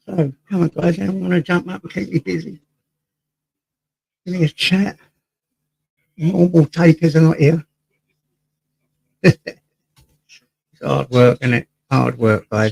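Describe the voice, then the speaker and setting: An English man hosts a laid-back live stream from home, reading out the chat and greeting viewers one by one. His voice sits a little high and has a gravelly edge. He sometimes leans away from the desk mic. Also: unhurried, pauses often, darkish tone, rough recording. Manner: chatty, greets viewers by name, reads chat aloud. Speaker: livestream host. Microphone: desk mic, sometimes off-axis.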